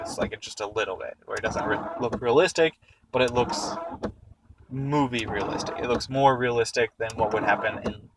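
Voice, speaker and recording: A young man in a moving car, casually recapping a film in a rambling, hesitant way with lots of filler words. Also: lowish voice. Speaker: vlogger. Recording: distant mic with loud road noise. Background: vehicle engine and road noise.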